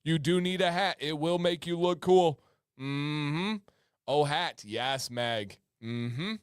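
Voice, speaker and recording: A man's voice: fairly high pitch, slow pace, clear, resonant tone, no room sound, studio quality. A man hosting a casual livestream, reading chat aloud and joking with viewers. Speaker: livestream host.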